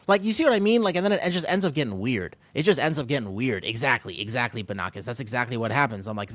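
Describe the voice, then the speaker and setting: A man's voice: mid-range voice, animated, fast talker, fairly bright tone, dry recording. Upbeat Midwestern man streaming games. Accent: American Midwestern. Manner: upbeat, joking, often laughing, chatting with viewers. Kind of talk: casual live-stream chat while gaming.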